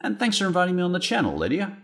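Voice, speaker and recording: A man's voice: sits high, wildly swooping pitch, racing, faint music behind. An Australian man narrating a scripted video with wry, playful asides. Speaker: guest commentator.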